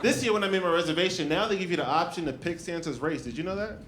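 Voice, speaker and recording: A young man performing a stand-up comedy set, telling stories with lively shifts and jumping high for quoted lines. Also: quick pace, background noise. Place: comedy club stage with laughing audience. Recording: echoey club room, loud crowd laughter.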